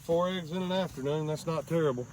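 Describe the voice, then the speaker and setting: A man's voice: fairly high pitch, fast, a little mellow, a little hiss or hum. A man, chatting playfully and doting on a toddler while doing farm chores outdoors. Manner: playful, doting, talks baby-talk style to a toddler. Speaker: homesteader and co-host. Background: faint crickets and farm animals.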